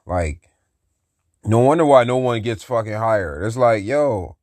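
Profane low-voiced man ranting. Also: expressive, a little slow, darkish tone, no room sound. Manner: profane, venting, repetitive. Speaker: podcast host. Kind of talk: angry solo rant.

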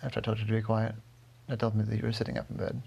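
A man telling his daughter an improvised bedtime story, gentle and rambling, often correcting himself. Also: on the low side, completely flat delivery, racing, creaky, breathy edge, highs cut off.

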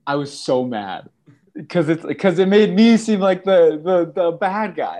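A young man in his twenties, a student guest in a casual chat, telling stories with animated put-on voices for quotes. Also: on the high side, moderate pace. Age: 20s.

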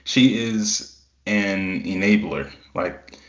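Low-ish guy on a podcast, keeps tripping over his words, echoey room, muffled. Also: drawn-out words, a bit bright. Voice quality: hesitant, stammering restarts. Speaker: podcast co-host. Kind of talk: casual TV review chat. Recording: roomy, dull lo-fi sound.

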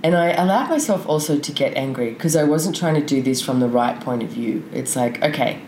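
In an echoey room with some faint noise, a female podcast guest speaks candidly in conversation, wandering and filling gaps with fillers. Her voice is extremely low, slightly fast and a little mellow.

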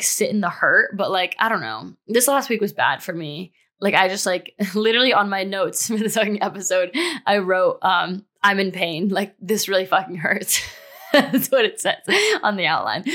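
A woman's voice: mid-range voice, sharp tone. A young woman in her twenties talking candidly as a podcast host about a breakup, in a casual monologue full of fillers and the odd swear word. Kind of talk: personal monologue.

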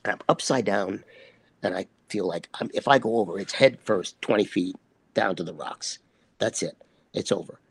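A man, an actor guest, telling a set story in conversation as an animated storyteller who acts out the quotes. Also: fairly low pitch, normal speed, creaky, breathy edge, dry recording.

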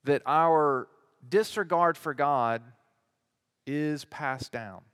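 A man preaching a sermon as teaching pastor, building to emphatic peaks and then dropping soft, with repeated rhetorical lists. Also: a little high, drawn-out words, smooth.

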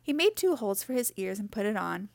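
A woman reading a children's picture book aloud in a gentle, expressive way. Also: medium pitch, fast, creaky, dry recording, studio quality. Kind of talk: storybook read-aloud.

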